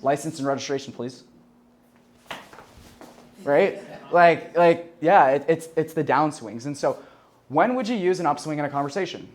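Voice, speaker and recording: A man's voice: a little high, moderate pace. A young man teaching a sales class in a loose, chatty way, leaning on "like" and "right?" and swearing casually. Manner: swears casually and laughs at his own jokes. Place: classroom with a live audience.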